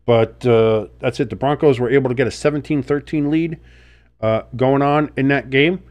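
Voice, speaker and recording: A man's voice: medium pitch, moderate pace, a little mellow. A man with a sick, sniffly voice doing play-by-play commentary and reactions, blunt and swearing freely, jumping up on big plays. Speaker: sports streamer.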